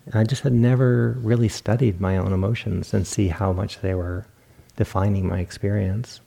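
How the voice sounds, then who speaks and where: Low gravelly-voiced man giving a dharma talk. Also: moderate pace. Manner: relaxed, reflective storytelling with self-amused laughs. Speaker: meditation teacher. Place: meditation hall.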